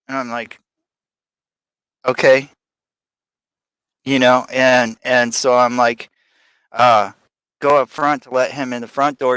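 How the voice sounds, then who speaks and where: A man's voice: mid-range voice, level tone, a little slow, long pauses, fairly bright tone, smooth, dry recording, low-quality recording. Rambling, venting man on a live stream. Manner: rambling, venting, many fillers and restarts. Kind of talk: casual rambling live chat. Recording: faint music behind.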